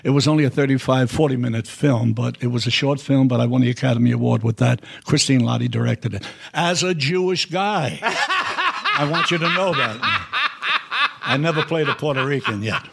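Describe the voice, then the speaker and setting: An older man as a podcast guest, telling blunt, profane anecdotes in an animated, storytelling way. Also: medium pitch, normal speed, gravelly, slight background noise.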